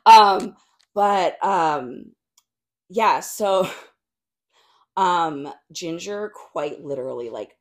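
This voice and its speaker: A chatty woman in her thirties with a lowish voice tells a story on a podcast. Her talk is loose and full of "like" and "um" fillers, and her retellings of what people said come out lively. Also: extremely slow, pauses often. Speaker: podcast guest, retired roller derby skater. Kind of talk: casual storytelling chat.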